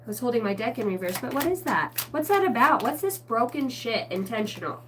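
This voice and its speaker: A woman giving a rambling spiritual tarot reading, excitable and swearing constantly in a stream-of-consciousness flow. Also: a little high, a little fast, few pauses, recorded from a distance, a little hiss or hum. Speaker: tarot reader.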